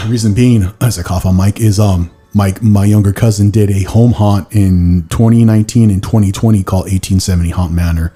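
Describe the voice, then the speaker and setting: The host speaks at a moderate pace with few pauses, his lowish voice dark, breathy, and fairly even, over soft background music. He rambles casually, leaning on "like" and putting on silly voices.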